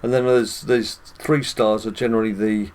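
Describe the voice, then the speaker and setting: Here a British gaming channel host talks viewers through gameplay in a chatty, direct way, frequently chuckling. His voice is low and a little mellow, with little pitch movement and a moderate pace, and there's a slight hiss or hum in the recording.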